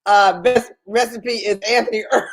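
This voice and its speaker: A woman's voice: on the high side, fairly even intonation, normal speed, slightly rough. A woman co-hosting a radio talk show, chatty and emphatic, repeating herself for effect. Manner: chatty, emphatic storytelling with repetition. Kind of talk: casual chat.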